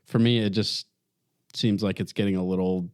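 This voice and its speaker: A man's voice: sits low, steady tone, normal speed, a little mellow, clean tone, dry recording, clean studio sound. A man co-hosting a casual podcast, hesitant and stumbling through his opinions. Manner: hesitant with restarts. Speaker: podcast co-host. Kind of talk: casual chat.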